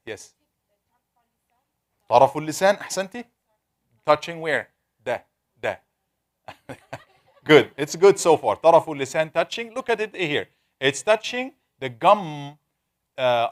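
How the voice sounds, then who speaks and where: Man drilling Arabic letter sounds. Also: mid-range voice. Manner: patient, drills letter sounds repeatedly, calls on students. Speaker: Tajweed teacher. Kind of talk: live online class teaching Arabic letters.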